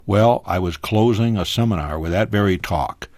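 Low-voiced man telling a family story. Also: moderate pace, no room sound. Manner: animated, pitch jumping high in emotional moments. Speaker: guest storyteller. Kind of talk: personal storytelling on a radio talk show.

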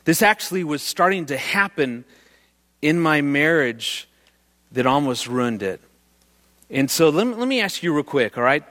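Guy giving a marriage talk, animated storyteller, does his kid's voice, long reverb from a big hall. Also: on the high side, normal speed. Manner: animated, jokey, acts out his daughter's lines. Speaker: marriage speaker. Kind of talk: storytelling talk to a live audience.

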